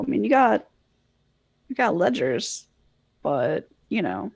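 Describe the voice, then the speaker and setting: Gravelly-voiced woman, flustered player. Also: on the low side, slow, long pauses, a little hiss or hum. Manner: flustered, stammering, animated. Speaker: tabletop player. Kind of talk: in-character tabletop role-play.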